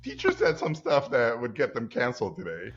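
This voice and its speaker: A man's voice: medium pitch, a little fast, background noise. A man in his forties from Mexico, a guest animator telling a story in conversation and acting out the people in it. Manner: lively storyteller acting out quotes. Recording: muffled lo-fi podcast audio.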